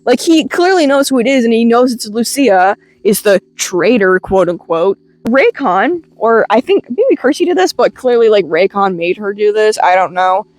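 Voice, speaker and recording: A woman's voice: medium pitch, animated, normal speed, few pauses, darkish tone, dry recording. A young woman casually recapping a comic in a chatty way, full of "like" and casual swearing. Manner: chatty, swearing, filler-heavy "like". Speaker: webcomic reviewer.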